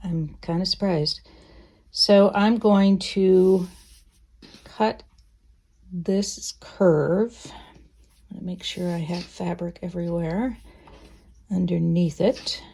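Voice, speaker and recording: A woman teaching quilting in a relaxed, chatty way, thinking aloud as she sews. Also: fairly low pitch, slow, long pauses, breathy edge. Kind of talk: casual sewing tutorial.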